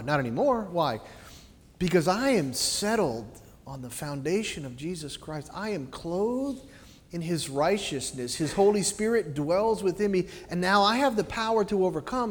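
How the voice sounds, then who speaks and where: A man delivers a sermon in a church with a high, animated voice. He swings between loud, emphatic phrases and soft, low asides, and his words trail off into the long echo of the hall. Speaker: preacher.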